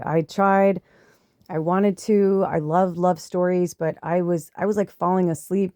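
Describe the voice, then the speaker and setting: Mellow-voiced woman telling a story. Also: fairly even intonation, unhurried, no room sound, studio quality. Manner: chatty, swearing, acts out quotes in a higher voice. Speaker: podcast host, spiritual medium. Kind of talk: casual storytelling.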